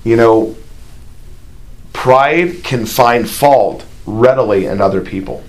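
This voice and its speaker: A man's voice: mid-range voice, takes it slowly. Male preacher, folksy and conversational, voice lifts when he reads scripture. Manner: folksy, conversational, with plain asides and imagined dialogue; reads scripture aloud in a raised, more animated voice. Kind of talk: sermon.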